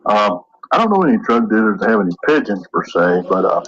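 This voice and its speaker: A man's voice: on the low side, very animated, a little fast, a bit bright. Rambling man on a lo-fi voicemail. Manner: meandering, filler-heavy, swears casually. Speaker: caller.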